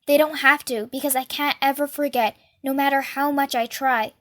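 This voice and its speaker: A woman plays a frightened teenage boy who cries out urgently and desperately. The voice is high and strained. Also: steady tone, moderate pace, dry recording, studio quality. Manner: desperate shouting.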